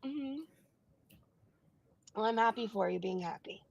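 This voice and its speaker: A woman's voice: on the high side, measured pace, creaky, muffled recording. A woman hosting a casual livestream, rambling with lots of fillers and frequent laughs. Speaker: livestream host.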